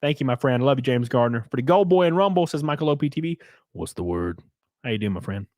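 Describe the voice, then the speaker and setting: A man's voice: medium pitch, animated, fast talker, darkish tone, dry recording, studio quality. A man from Alabama with a Southern accent, chatting casually and profanely on a live stream while reading chat aloud. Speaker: streamer host.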